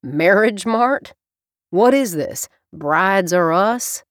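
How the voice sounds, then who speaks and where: A woman voicing a blunt, skeptical grown man with gruff, wry remarks in an audiobook. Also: medium pitch, expressive, measured pace, no room sound, studio quality. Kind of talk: audiobook character reading.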